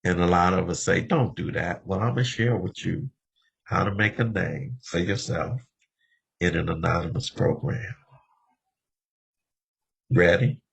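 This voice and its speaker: Seventy-year-old man, deep raspy voice, telling his recovery story to a meeting. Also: unhurried, pauses often, a bit bright, muffled recording. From Los Angeles. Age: 70s. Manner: conversational storytelling, often addressing the room directly. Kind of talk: personal recovery share.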